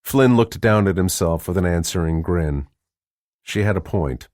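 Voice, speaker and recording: This is scripted audiobook narration by a man whose voice sits low. He tells the story in a steady, measured way, and the recording is clean studio sound without echo.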